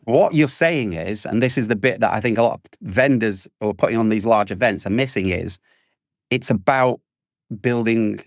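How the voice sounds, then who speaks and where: A man on a podcast panel, telling stories in an animated way and acting out salespeople in exaggerated voices. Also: on the low side, normal speed, dry recording, studio quality. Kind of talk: casual panel chat.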